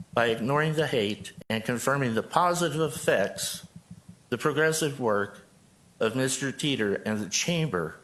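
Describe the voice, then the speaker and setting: A man in his sixties, a pastor from Joplin, Missouri, addresses the city council from the podium microphone during public comment. His mid-range voice is a bit bright, and his prepared statement comes across as earnest.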